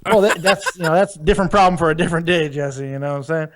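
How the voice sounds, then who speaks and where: A man's voice: fairly high pitch, rapid-fire, no room sound, clean studio sound. A man chatting on a casual podcast, playful and laughing often. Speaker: podcast co-host. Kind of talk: casual banter.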